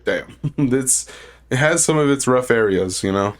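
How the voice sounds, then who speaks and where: A young man co-hosting a casual podcast, sick with a cough, talking in a relaxed, rambling way and laughing often. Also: medium pitch, unhurried. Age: young adult. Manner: laid-back, rambling, laughs often, says "like" a lot. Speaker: podcast co-host. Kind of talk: casual chat.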